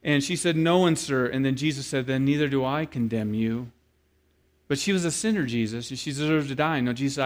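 A man preaching a sermon, telling a story with lively acted-out quotes and then speaking quietly and earnestly to the congregation. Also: mid-range voice, fairly quick. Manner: animated storyteller who acts out quoted voices, then turns quiet and earnest. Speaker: pastor.

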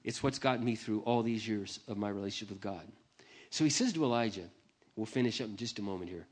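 A middle-aged man who is a pastor, telling a personal story in a sermon. He swings from hushed, confiding lines to loud, impassioned ones. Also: on the low side, fast talker, slightly rough.

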